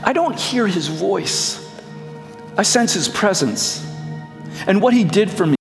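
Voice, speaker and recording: A man's voice: high-pitched, expressive, creaky, soft background music. Preaching man, long hall reverb. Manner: storytelling, shifts between slow reflective and quick anecdotal. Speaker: pastor. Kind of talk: sermon.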